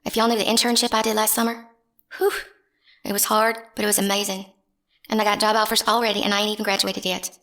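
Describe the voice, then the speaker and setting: A woman's voice: medium pitch, level tone, quick pace, sharp tone. A young woman, ranting bluntly and scornfully in a casual vlog. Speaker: channel host.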